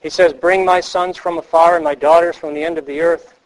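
Guy teaching a counseling class, kinda high voice, earnest, keeps asking the room questions. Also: steady tone, fairly quick, low-quality recording. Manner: earnest, emphatic, repeats key phrases; asks the class rhetorical questions. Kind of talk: teaching lecture.

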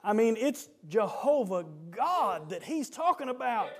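Preacher man, high-pitched, swings between low talk and fervent shouting. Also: sing-song, measured pace. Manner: rising to fervent shouts, then dropping low. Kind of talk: sermon.

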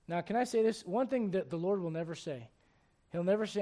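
A male pastor delivering a sermon in a notably high voice. He presses his points with rhetorical questions and moves from loud urgency to a hushed, grave tone. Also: expressive, brisk. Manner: emphatic, many rhetorical questions; swings between loud urgency and hushed gravity.

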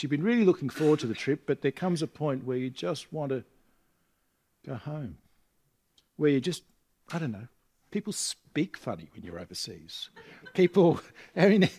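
A man's voice: mid-range voice, darkish tone. A middle-aged man from Australia preaching a sermon in a chatty way, asking his congregation rhetorical questions. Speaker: visiting preacher. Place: church congregation.

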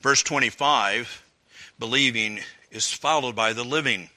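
A man's voice: mid-range voice, measured pace, sharp tone. A man preaching an expository sermon, earnest and emphatic, building up through repeated phrases. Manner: earnest, emphatic, with swelling repetitions.

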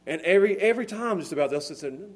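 A male preacher with a fairly high voice delivers a sermon. He moves from quiet, near-whispered stretches to loud, fervent shouting. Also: animated, very fast, a little hiss or hum. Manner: impassioned, swinging from hushed to shouting.

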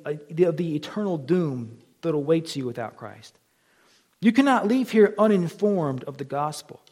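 Male pastor, sermon delivery, hushed to fervent, lively pitch. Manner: builds from quiet to impassioned near-shouting.

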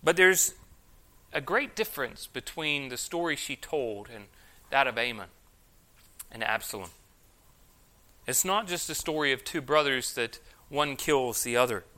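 A man's voice: medium pitch, animated, measured pace, pauses often, sharp tone. A man preaching an expository sermon, reading scripture aloud with emphasis and then explaining it. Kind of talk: sermon, expository Bible teaching.

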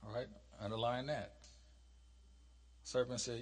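A man leading a Bible study, reading scripture slowly and with emphasis, then explaining it in a casual, conversational way. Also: lowish voice, level tone, gravelly, in a large hall. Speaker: preacher.

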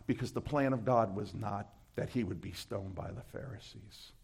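A gravelly, husky-voiced pastor from Brooklyn, New York accent intact, preaches at a normal speed. He moves back and forth between loud, emphatic readings of scripture and quiet, low-key asides.

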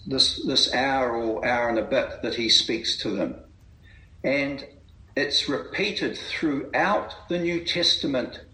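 A man's voice: mid-range voice, sharp tone, reverberant, rough recording. A man giving an earnest Bible talk, emphatic and reflective. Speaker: preacher. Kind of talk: Bible reading meeting talk.

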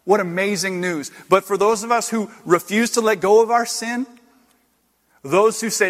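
A male pastor preaching an earnest sermon, swinging between loud exclamations and hushed, slowed emphasis. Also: high voice. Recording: long hall reverb.

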